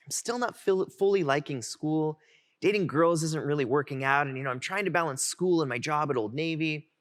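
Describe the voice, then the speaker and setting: A man's voice: on the high side, a little fast. Heartfelt young man telling a personal story. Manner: heartfelt, animated storytelling with quoted voices. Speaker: keynote speaker. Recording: music playing underneath.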